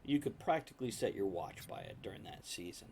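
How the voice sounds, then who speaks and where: A man's voice: lowish voice, animated, fairly quick, a little mellow. A man on a livestream chat telling a vivid anecdote, acting out the scene as he goes. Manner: vivid storyteller, acts out scenes. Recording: faint background noise.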